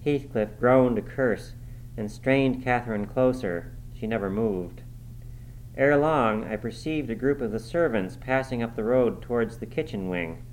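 A man reading a classic novel aloud in a measured, dramatic first-person narration. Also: mid-range voice, darkish tone, slight background noise, poor audio. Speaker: audiobook reader.

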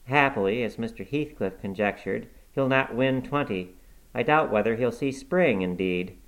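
A man reading aloud, voicing a stern, blunt middle-aged housekeeper who scolds briskly. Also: mid-range voice, natural voice, low-quality recording. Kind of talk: audiobook reading.

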